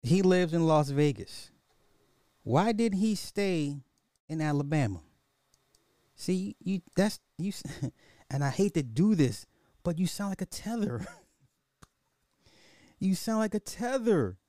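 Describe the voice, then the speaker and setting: Podcast host, male, mellow voice in a dry room, needling and repetitive. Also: fairly high pitch, lively intonation, unhurried, long pauses, dry recording. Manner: repeats rhetorical questions, mocking and chuckling. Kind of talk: casual social commentary monologue.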